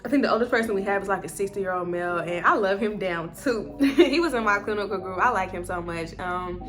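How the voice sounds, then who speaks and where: A woman's voice: medium pitch, brisk, fairly bright tone, soft background music. A woman chatting casually as a nursing student vlogger, full of "like" and "um". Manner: chatty, leans heavily on "like" and "um". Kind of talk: casual chat.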